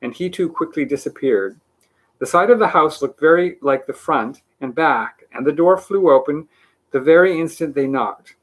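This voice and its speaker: A man reading a children's book aloud in an animated way, with small slips and restarts. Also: fairly high pitch, moderate pace. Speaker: reader.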